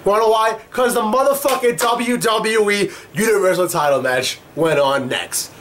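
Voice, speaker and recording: A man's voice: sits high, moderate pace, a bit bright, slight background noise. A young man giving a heated, profane rant as a wrestling commentary vlogger. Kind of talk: ranting commentary.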